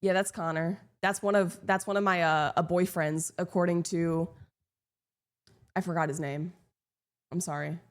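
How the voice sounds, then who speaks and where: A young woman live streaming, chatting casually with her viewers in a sarcastic, deadpan, teasing way. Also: lowish voice, normal speed, pauses often.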